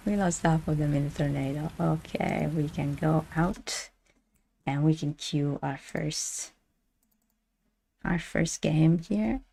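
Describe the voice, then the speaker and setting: A woman's voice: low voice, slow, creaky, long pauses, warm tone, husky. A woman streamer giving playful announcer-style live commentary, repeating her phrases as she goes.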